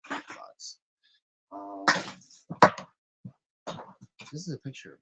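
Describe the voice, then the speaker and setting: A man's voice: on the low side, extremely slow, a bit bright, breathy edge, poor audio. A young man vlogging casually while cleaning his room, rambling with frequent restarts and lots of swearing, often muttering to himself.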